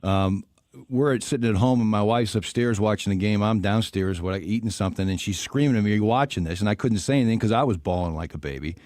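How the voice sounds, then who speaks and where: A man's voice: on the low side, fast, darkish tone, no room sound, studio quality. A man hosting a radio talk show, speaking earnestly and with feeling. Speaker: radio host.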